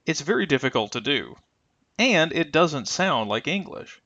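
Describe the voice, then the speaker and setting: Man, pronunciation teacher, bright lively voice, dry slightly muffled recording. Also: fairly high pitch, no room sound. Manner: careful, deliberate, stretches example sounds. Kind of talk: scripted instructional narration.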